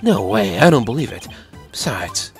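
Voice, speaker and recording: A laid-back lawyer who runs his own office, voiced by a man in a lowered, dry, low-key tone. Faint game music plays under him. It comes from a fan voice-over of a video game. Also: sing-song, moderate pace.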